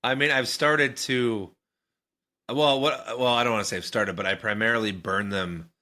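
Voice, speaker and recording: A man's voice: medium pitch, steady tone, moderate pace, sharp tone. A man co-hosting a podcast, chatting in a laid-back, rambling way and laughing often. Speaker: podcast co-host. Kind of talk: casual banter.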